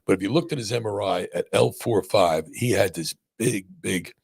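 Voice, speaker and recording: Brief: male surgeon host, very deep gravelly voice, chatty storyteller. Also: moderate pace. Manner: animated storyteller, many restarts and "right?" checks. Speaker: spine surgeon and podcast host. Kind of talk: casual podcast conversation.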